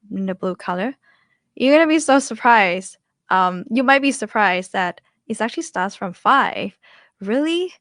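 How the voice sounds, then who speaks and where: A woman's voice: mid-range voice, vocal fry, fairly bright tone, no room sound, studio quality. A young woman with a Thai accent teaching language tones in a chatty, casual way, often voicing example syllables. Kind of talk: casual online lesson.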